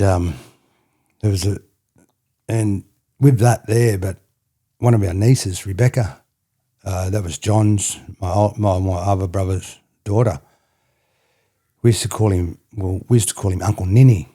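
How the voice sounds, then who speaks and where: A middle-aged man with an Australian accent, his voice low, dark and husky. He tells stories in a loose, rambling way and keeps circling back with "you know what I mean". It sounds like a relaxed podcast conversation. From country New South Wales, Australia. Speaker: podcast guest, former rugby player. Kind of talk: casual reflective storytelling.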